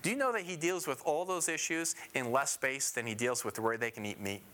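A man's voice: medium pitch, fairly quick, sharp tone, a little hiss or hum. A man teaching a Bible passage verse by verse. He emphasizes key phrases and puts questions to his listeners before answering them himself.

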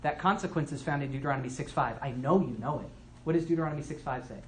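A man's voice: on the high side, expressive, quick pace, slight background noise. A man preaching a sermon in a church, teaching through a Bible passage. He speaks conversationally, asks the listeners questions, adds asides and acts out quoted speakers.

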